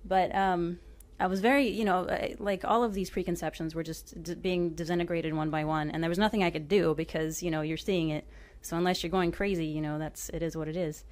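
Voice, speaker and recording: Woman from Oklahoma, author at a book talk, chatty and self-deprecating, lower-pitched. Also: fairly even intonation, fairly quick, few pauses, darkish tone. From Oklahoma, USA. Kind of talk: casual storytelling with book reading.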